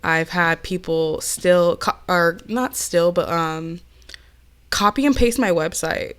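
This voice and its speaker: Woman, lowish voice, stuffy and nasal from a cold. Chatty, candid host recording a casual Q&A voiceover. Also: slow pace, smooth. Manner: chatty and candid, with many fillers. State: sick with a cold. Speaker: press-on nail artist and channel host. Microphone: home voiceover mic.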